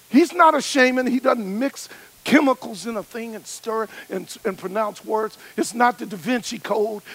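A man preaching a sermon, emphatic, with rhythmic repetition and a gravelly voice. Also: sits high, low-quality recording.

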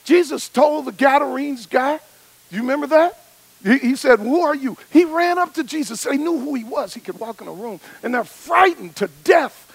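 A preacher with a strikingly high voice and a gravelly edge. He builds his points through emphatic, rhythmic repetition. The sound is dry and close to the mic. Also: animated, moderate pace, dry recording, poor audio. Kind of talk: sermon.

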